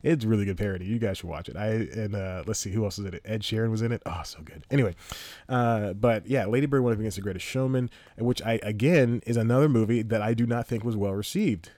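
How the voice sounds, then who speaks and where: A man's voice: lowish voice, fast talker, warm tone, dry recording. Rambling man chatting into a dry mic. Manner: rambling, laughs often, loses his train of thought. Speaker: podcast host. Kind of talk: casual solo podcast talk.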